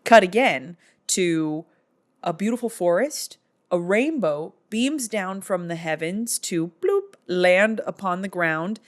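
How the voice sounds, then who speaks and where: Woman vlogger, lowish voice, casual sarcastic movie recap. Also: animated, slow. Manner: sarcastic, jokey storytelling.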